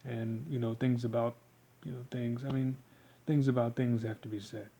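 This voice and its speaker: Monotone man rambling with fillers. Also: medium pitch, a little hiss or hum, low-quality recording. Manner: halting, filler-heavy, meandering. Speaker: vlogger explaining a technique. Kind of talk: rambling casual monologue.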